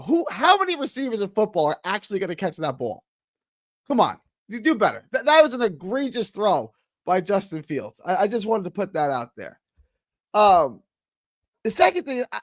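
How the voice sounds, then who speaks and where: A man's voice: sits high, dry recording. A man calling in to a sports talk show, ranting in exasperation and stammering through many restarts.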